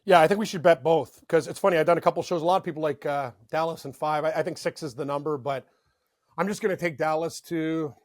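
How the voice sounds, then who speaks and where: A young Canadian man co-hosting a sports betting podcast, talking in an excitable, rambling way full of "like" and "dude". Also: fairly high pitch, quick pace, no room sound, clean studio sound. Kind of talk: casual sports chat.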